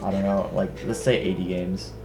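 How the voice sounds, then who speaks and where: A man's voice: low voice, fairly even intonation, normal speed, gravelly. A young man co-commentating a speedrun, talking casually and hesitantly with many fillers. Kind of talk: casual stream chat. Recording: game music playing behind.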